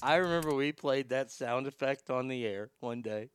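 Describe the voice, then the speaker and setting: A man telling stories in a casual livestream as a former radio host, animated, swearing freely and reading out viewer comments. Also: mid-range voice, moderate pace, a little hiss or hum.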